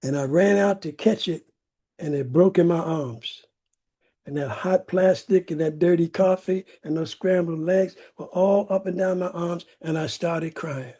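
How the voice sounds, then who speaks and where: A man's voice: high voice, measured pace, mellow, breathy edge. A man from California giving a personal recovery testimony to a meeting, telling it dramatically and stacking up emphatic repeated words. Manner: dramatic storytelling with emphatic repetition. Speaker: recovery speaker. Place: meeting room.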